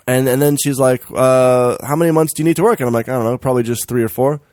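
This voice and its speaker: A man co-hosting a podcast, telling a story in casual chat, animated and profane, quoting the people in it. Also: mid-range voice, fast, no echo, studio quality. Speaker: podcast co-host.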